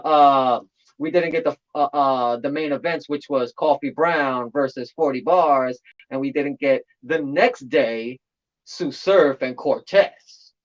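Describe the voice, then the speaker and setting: A man in casual commentary on a battle rap tournament, talking in an animated way and repeating phrases for emphasis. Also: fairly high pitch. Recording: slightly dull lo-fi audio.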